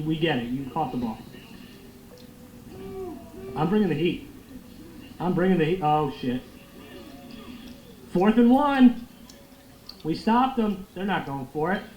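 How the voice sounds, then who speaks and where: A young man giving loud, excitable, profane commentary while playing a football video game. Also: on the high side, a little slow, long pauses. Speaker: gaming streamer. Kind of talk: live gameplay commentary. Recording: echoey room with faint noise.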